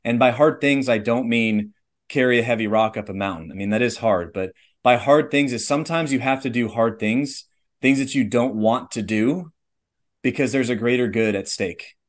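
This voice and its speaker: A man's voice: mid-range voice, normal speed. A man in his thirties telling a personal story in a casual interview, earnest and rambling, with lots of "like" and "legit". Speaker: podcast guest, airline pilot.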